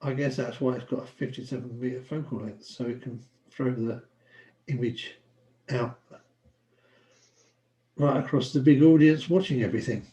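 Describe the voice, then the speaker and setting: A man's voice: medium pitch, normal speed, pauses often, warm tone, reverberant. A man casually explaining diagrams to friends and tripping over French terms. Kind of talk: casual group chat over a shared screen.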